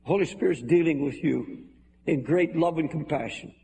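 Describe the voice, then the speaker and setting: A man's voice: a little high, moderate pace, gravelly, mellow. An older man preaching a sermon to a large congregation, in an earnest, pleading manner. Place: large hall with balcony. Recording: echoey hall, faint noise.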